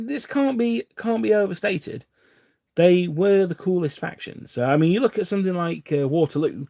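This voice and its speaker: A man's voice: on the high side, darkish tone, no echo, clean studio sound. A man from England hosting a live stream, chatting casually and rambling with frequent restarts and chuckles while he builds models at his desk. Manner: rambling, self-interrupting, chuckling often.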